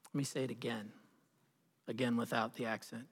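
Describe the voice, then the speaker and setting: A man preaching a sermon as pastor, telling a story with dramatic pauses and swelling emphasis. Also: mid-range voice, little pitch movement, husky. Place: church sanctuary. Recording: long reverb of a church hall.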